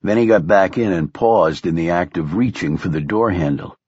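A man narrating an audiobook in measured, even storytelling, close to the mic. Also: deep voice, slightly rough, no echo, muffled recording. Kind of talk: scripted narration.

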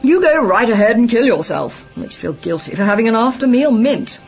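A gushing society lady, as a narrator puts her on, plummy and theatrical, her voice swooping high and wide. She indulges herself cheerfully and talks over faint music. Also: big pitch swings, brisk, gravelly, husky, heavily acted. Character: gossipy, theatrical upper-class woman, cheerfully indulgent.

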